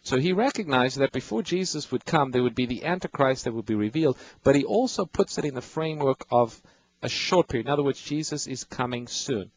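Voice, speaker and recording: A man's voice: mid-range voice, expressive, brisk, poor audio. A man hosting a radio Bible call-in show, patiently explaining scripture and reading verses to callers.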